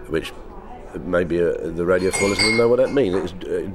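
A man's voice: low-pitched, fairly quick, music in the background. A man with a South London accent, a comedian talking casually in an interview, rambling with restarts. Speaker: comedian guest. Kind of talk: conversational interview.

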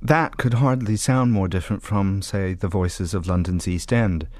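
A man narrating a documentary, measured and clear. His slightly low voice is close and dry, with no room sound. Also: a little mellow, dry recording. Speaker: documentary presenter.

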